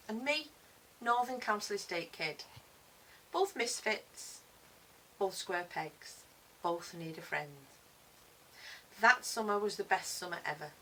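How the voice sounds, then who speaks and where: Bright-voiced woman telling a story. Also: fairly low pitch. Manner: expressive, shifts between hushed and loud. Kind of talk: spoken word storytelling. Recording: distant mic with faint hiss.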